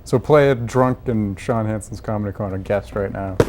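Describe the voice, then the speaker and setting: A man's voice: on the low side, normal speed, background noise. Easygoing male talk show host. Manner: brief prompting questions and backchannel replies. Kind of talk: casual interview.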